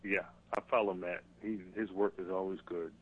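A man's voice: low-pitched, fairly even intonation. Man on a tinny phone line. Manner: halting, repeats words. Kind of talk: casual political talk.

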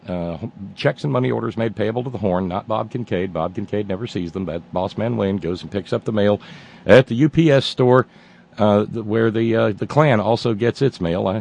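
Male talk-radio host, low gravelly voice, rambling and sardonic. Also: darkish tone. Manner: rambling and sardonic, with many fillers and restarts. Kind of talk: casual talk radio monologue.

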